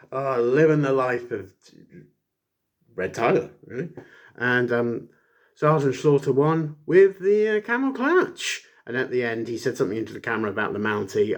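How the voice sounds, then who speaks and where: A man casually reviewing an old wrestling show, rambling with many fillers and jokey asides. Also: medium pitch. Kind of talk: casual chat.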